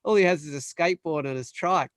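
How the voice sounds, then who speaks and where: Young man, animated storyteller, tone on the higher side, dry and close-miked. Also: no echo. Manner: animated storyteller, acts out quoted voices, quick bursts. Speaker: panel guest. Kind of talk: casual storytelling.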